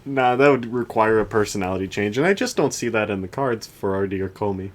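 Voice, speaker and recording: Man, podcast co-host, casual chat, rambling, fillers, lowish voice. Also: lively intonation, a little fast. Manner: rambling, many restarts and fillers. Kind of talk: casual chat about anime.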